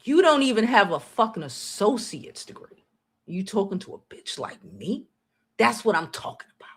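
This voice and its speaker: A woman from the United States hosting her own channel, ranting on a livestream in a blunt, profane, confrontational way, swinging between loud outbursts and low muttering. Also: big pitch swings, normal speed. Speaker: channel host. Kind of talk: livestream commentary rant.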